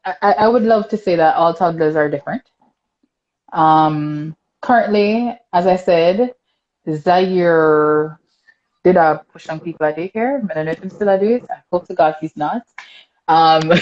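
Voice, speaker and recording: Jamaican lady hosting a chat show, laughing a lot, dull lo-fi sound. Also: fairly low pitch. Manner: laughs often, animated and chatty. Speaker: podcast host. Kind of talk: casual chat reading comments.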